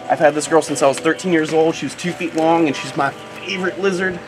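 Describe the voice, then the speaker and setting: Man, reptile vlog host, chatty and excited, slightly high voice, music underneath. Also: fast, few pauses, echoey room, rough recording. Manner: excited, chatty, coos to his animals. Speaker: host of an animal channel. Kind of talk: casual animal-keeping vlog.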